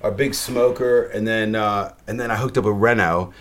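A lively man who talks in slang and tells stories in a relaxed podcast chat. His voice sits a little low. He speaks as a guest chef, chatty and quick with a made-up word. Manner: animated, slangy storyteller.

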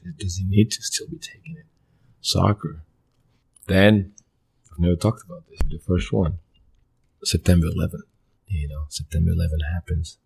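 A man, a guest in an interview, telling his life story in earnest, halting fragments with many restarts. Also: low-pitched, creaky, a little mellow, breathy edge. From Mali. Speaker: interview guest, former pro soccer player. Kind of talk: personal storytelling in a conversational interview.

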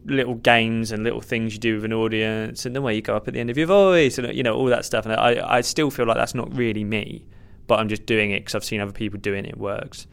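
A man's voice: fairly low pitch, vocal fry, clean tone. A man, a stand-up comedian, giving candid, self-deprecating and rambling answers in a podcast interview.

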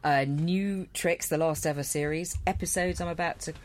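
A woman's voice: deep voice, fairly even intonation, normal speed. Chatty, wry actress guest, a woman. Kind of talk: casual comedy chat.

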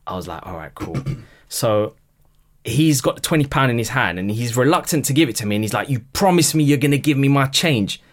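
Cabbie guest, casual podcast storyteller, mid-range voice, animated, acts out each character's lines. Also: male voice, medium pitch, a little fast. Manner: lively storyteller who acts out dialogue in quoted voices. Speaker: black cab driver, podcast guest.

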